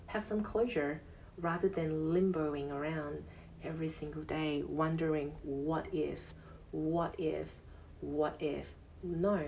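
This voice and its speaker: A male yoga teacher hosting his own podcast, giving an earnest motivational monologue in a high, soft, soothing voice and repeating phrases for emphasis. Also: creaky, recorded from a distance, a little hiss or hum, rough recording. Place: casual home podcast setup.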